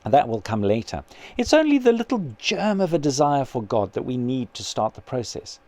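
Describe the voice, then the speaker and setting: A calm, kindly male spirit, read by a man, speaking in an earnest, patient voice that still rises and falls a lot. Close and dry. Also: mid-range voice, moderate pace, no room sound. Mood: gentle. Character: patient gentle male spirit, her brother.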